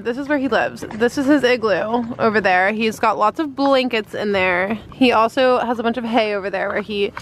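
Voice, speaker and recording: A woman's voice: on the high side, a little hiss or hum, low-quality recording. A woman, chatting casually to a handheld camera in a vlog, laughing at herself. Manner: chatty and self-deprecating, quick to laugh. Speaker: vlogger and flight attendant. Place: out and about, at home and outdoors. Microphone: camera with flip-up screen at arm's length.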